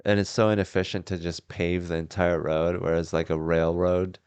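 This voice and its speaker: A man's voice: deep voice, level tone, normal speed, darkish tone, clear, resonant tone, dry recording, highs cut off. A man hosting a casual podcast chat from a house, laid-back and wry, swearing freely. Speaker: podcast host.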